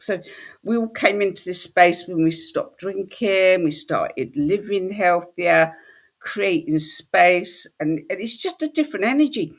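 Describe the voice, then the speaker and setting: Woman host, husky voice, very lively pitch, chatty storyteller. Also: normal speed. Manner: animated storytelling, slips into quoted voices. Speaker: spiritual workshop host. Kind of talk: casual chat.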